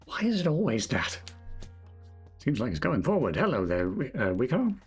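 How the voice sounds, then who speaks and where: A man's voice: medium pitch, wildly swooping pitch, normal speed, breathy edge, soft background music. A man streaming his game development, thinking aloud as he codes, correcting himself and chatting with viewers in a jokey, self-deprecating way. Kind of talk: casual live-stream commentary while coding.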